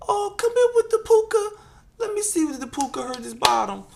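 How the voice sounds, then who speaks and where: A man's voice: extremely high pitch, sing-song, fairly quick, vocal fry, pitched above the performer's own voice, full character voice. A man voicing a doting mother who coos baby talk over a small boy who fell. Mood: cooing.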